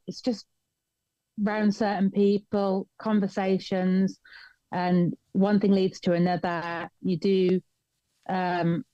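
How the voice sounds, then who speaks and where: A woman from the UK answering interview questions over a video call, hesitant and brief, with plenty of pauses. Her voice has a mellow, warm tone. The audio is dull and lo-fi and sounds dry. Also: medium pitch, no echo. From United Kingdom. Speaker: guest fighter.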